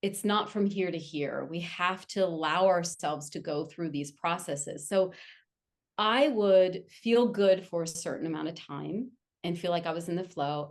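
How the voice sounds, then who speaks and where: A woman author talking candidly as an interview guest, telling personal stories in an animated way. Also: lowish voice. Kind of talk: casual interview chat.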